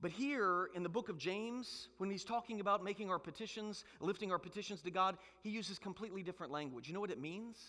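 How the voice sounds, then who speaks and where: Pastor, high bright voice, pressing rhetorical questions, long hall echo. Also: male voice, fast talker, few pauses. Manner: emphatic preaching with rhetorical questions. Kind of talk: sermon.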